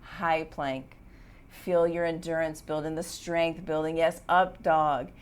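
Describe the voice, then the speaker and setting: A woman's voice: low-pitched, little pitch movement, takes it slowly, clear, resonant tone. A woman leading a live yoga class, giving short rhythmic commands with encouraging asides. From United States. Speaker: yoga teacher. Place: yoga studio.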